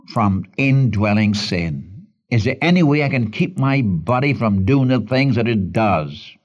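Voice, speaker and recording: A man's voice: medium pitch, lo-fi sound. A man teaching the Bible in an earnest radio sermon, repeating phrases for emphasis and calling the listener friend.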